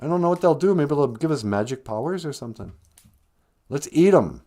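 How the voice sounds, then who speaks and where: Naive, easily fooled boy in a spoken folktale, bright and eager, as a man puts him on. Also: on the high side, expressive, a little fast, pitched above the performer's own voice, lightly acted.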